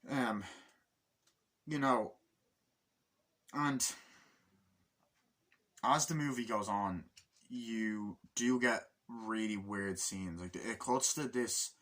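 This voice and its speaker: A man talks through a film in a loose, rambling review, swearing freely and stacking up fillers. His voice sits on the low side with a sharp, forceful edge. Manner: rambling, profane, acts out scenes in quoted voices. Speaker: movie reviewer. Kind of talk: casual movie review monologue.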